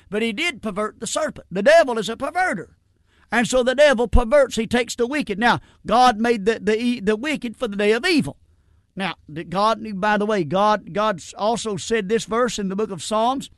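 High-voiced middle-aged man preaching. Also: a bit bright, no room sound, studio quality. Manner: plain-spoken folksy preaching, frequent stammered restarts and "amen". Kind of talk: sermon.

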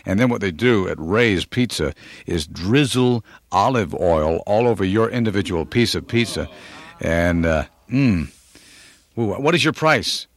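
A man's voice: on the low side, expressive, measured pace. A man hosting a radio countdown, chatting playfully and teasing callers. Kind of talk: upbeat radio DJ patter.

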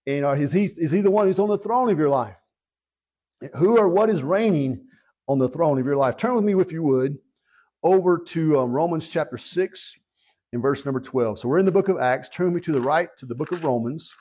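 A man's voice: on the high side, lively intonation, brisk, mellow, breathy edge. Earnest preacher man, lo-fi sound. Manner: earnest, repetitive, asks rhetorical questions. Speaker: pastor. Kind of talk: sermon with opening prayer.

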